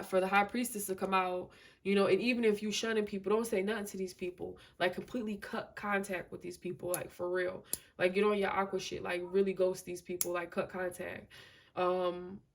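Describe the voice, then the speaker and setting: A woman giving a casual tarot reading to camera, emphatic and slangy, repeating herself and filling with "you know" and "like". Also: on the low side. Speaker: tarot reader.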